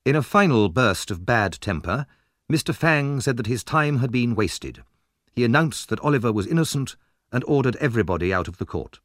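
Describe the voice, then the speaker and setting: A man narrating a story as an audiobook, with expressive, lively storytelling. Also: mid-range voice, normal speed, dry recording, clean studio sound.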